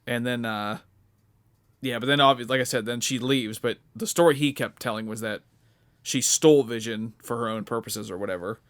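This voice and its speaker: A man's voice: mid-range voice, fairly even intonation, a little fast, fairly bright tone. A young man co-hosting a podcast, talking in a loose, rambling way, full of fillers and restarts. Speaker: podcast co-host. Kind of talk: casual chat.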